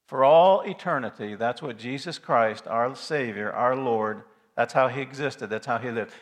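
A male pastor delivering a Sunday sermon in a church. His preaching is earnest and emphatic, doubling back on phrases and swinging from ringing emphasis to near-whispered hushes. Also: mid-range voice, moderate pace, few pauses.

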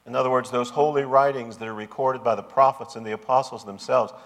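A man's voice: mid-range voice, fairly even intonation, fast. A man preaching a sermon as pastor, with an emphatic, repetitive cadence. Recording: long hall reverb.

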